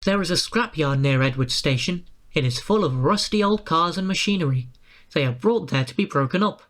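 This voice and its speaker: A narrator reading a children's railway storybook aloud in a measured, expressive way. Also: medium pitch.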